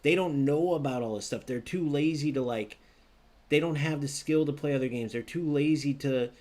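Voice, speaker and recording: A man giving live gameplay commentary on a football video game, ranting and arguing with viewers in an animated, direct way. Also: fairly high pitch, normal speed.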